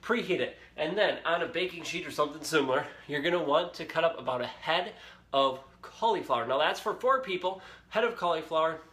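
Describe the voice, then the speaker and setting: A man's voice: fairly high pitch, animated, brisk, sharp tone. Chatty upbeat man in echoey kitchen. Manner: chatty, upbeat, talks to viewers directly. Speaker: cooking show host. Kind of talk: casual live cooking demonstration. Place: home kitchen. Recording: echoey kitchen with faint sizzling.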